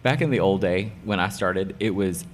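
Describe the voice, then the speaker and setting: A middle-aged man with a very low voice talks about his work as a hairdresser in a casual interview. He is emphatic and excited, repeating key phrases for effect. A faint hum of background noise sits under him. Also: moderate pace. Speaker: hairdresser and salon owner, guest.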